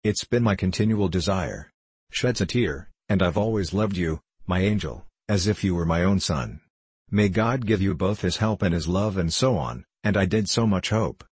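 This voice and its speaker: A man's voice: low-pitched, lively intonation, normal speed, a little mellow, husky, no room sound. Man reading as gushing old landowner. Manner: showers everyone with pet names. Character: effusive elderly male landowner, gushing and fussy. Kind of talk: audiobook play reading.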